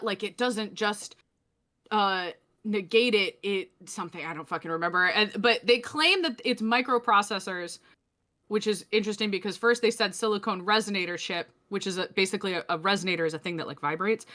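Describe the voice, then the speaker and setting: A woman's voice: mid-range voice, brisk, bright, forceful tone. A young adult woman co-hosting a casual comedic podcast, sarcastic and swearing, often laughing mid-sentence. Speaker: podcast co-host.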